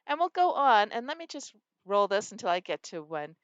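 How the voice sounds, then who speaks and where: A woman's voice: medium pitch, brisk, clear, resonant tone, no room sound, highs cut off. A woman reading teacher explaining a phonics game and acting out her students' answers. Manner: animated, acts out student answers.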